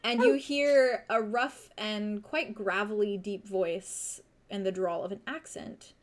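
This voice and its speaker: A woman's voice: mid-range voice, fairly even intonation. Woman game master narrating scenes. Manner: unhurried, vivid scene-setting.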